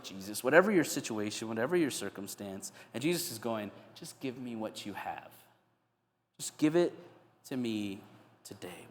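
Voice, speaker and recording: Conversational pastor in a reverberant hall. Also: male voice, mid-range voice. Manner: conversational, acts out prayers and dialogue with Jesus. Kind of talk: sermon. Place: church sanctuary. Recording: long church hall reverb.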